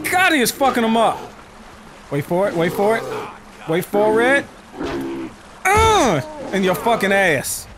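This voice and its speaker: A man with a Southern US accent giving profane, excitable let's-play commentary, yelping and shouting when startled. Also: sits high, background noise. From United States. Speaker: gaming YouTuber.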